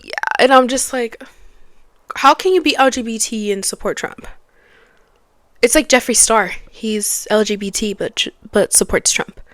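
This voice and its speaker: A woman's voice: on the high side, a little slow, a bit bright, dry recording, studio quality. A young woman hosting a casual podcast from her living room, chatty and laughing often. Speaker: podcast host. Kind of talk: casual chat.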